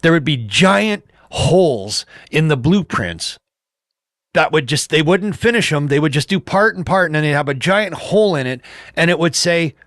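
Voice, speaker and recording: A man's voice: fairly high pitch, lively intonation, moderate pace, a bit bright, no echo, clean studio sound. A middle-aged man hosting a casual livestream from home, telling rambling stories, swearing freely and laughing at himself. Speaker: livestream host chatting with viewers. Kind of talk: casual storytelling.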